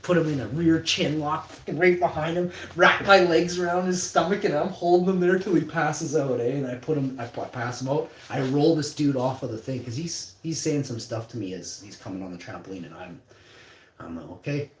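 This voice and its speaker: A man's voice: fairly high pitch, brisk, slight background noise. A young man telling a story in a casual, rambling, profane way. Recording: roomy echo.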